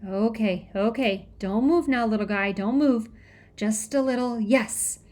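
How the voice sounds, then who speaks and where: A woman doing a calm old doctor. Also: a little high, normal speed, natural voice. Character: calm big gray-haired male doctor.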